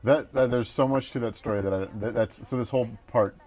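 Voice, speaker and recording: A man's voice: mid-range voice, fairly quick, a little mellow. A man hosting a casual stream chat, reacting enthusiastically and teasing a guest. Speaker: streamer, host.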